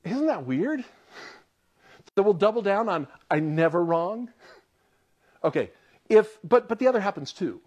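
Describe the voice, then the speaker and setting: A man's voice: high voice, a little slow, pauses often. A man preaching a sermon, telling stories and acting out quoted lines with a rising voice. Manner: animated storyteller, acts out quotes in a rising voice.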